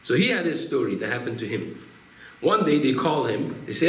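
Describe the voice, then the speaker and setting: A man's voice: medium pitch, lively intonation, fairly quick, a bit bright. A man, a rabbi, teaching a Torah class through storytelling, acting out quotes and explaining Hebrew terms. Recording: roomy room echo, faint ambience.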